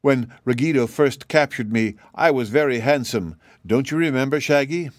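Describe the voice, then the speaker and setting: A man's voice: mid-range voice, normal speed, no echo, studio quality, pitched above the performer's own voice, close to an everyday voice. A man voicing a gloomy, despairing man hiding away under a curse of ugliness, with a sad, hollow voice. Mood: wailing. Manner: wailing, gloomy.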